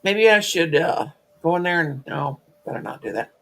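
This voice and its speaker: An older woman hosts a crochet livestream, her voice gravelly with a creaky edge. She rambles through stories, doubling back and adding asides as she chats. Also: on the low side, normal speed. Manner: rambling storyteller, full of restarts and asides. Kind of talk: casual livestream chat.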